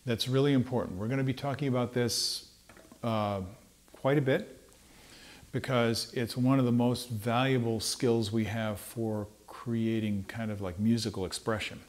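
A trumpet teacher with a medium-pitched voice gives a relaxed, unhurried lesson, explaining musical ideas informally. He pauses often with fillers, restarts sentences, and sings rhythms on syllables to demonstrate.

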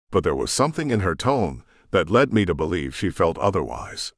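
A man narrating a first-person audiobook in a dramatic, expressive way, close to the microphone. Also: deep voice, fairly quick, no echo.

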